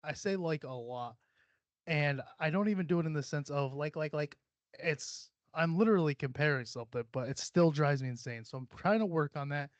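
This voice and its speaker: A man's voice: fairly high pitch, lively intonation, a little fast, no room sound. Profane rambling podcast guy, dull dry sound. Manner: profane, rambling, self-mocking, laughs often. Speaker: podcast host. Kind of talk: casual solo podcast rant.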